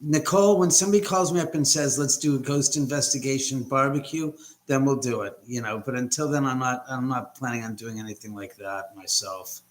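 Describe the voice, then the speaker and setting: A man's voice: medium pitch, expressive, brisk, few pauses. A man hosting a casual livestream from his house on a laptop mic, rambling and greeting viewers by name. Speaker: livestream host. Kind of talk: casual live chat.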